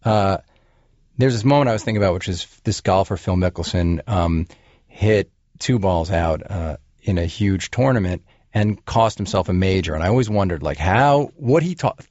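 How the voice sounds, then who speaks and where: A man's voice: low-pitched, animated, normal speed, a little mellow, no room sound, muffled recording. A man hosting a podcast interview, talking earnestly with many fillers and restarts. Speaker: podcast host. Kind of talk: casual interview chat.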